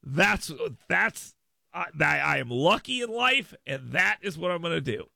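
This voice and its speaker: A man's voice: on the high side, very animated, unhurried, vocal fry, pushed and bright, no echo, studio quality. A man hosting a radio talk show, riffing emphatically with listeners in a casual monologue.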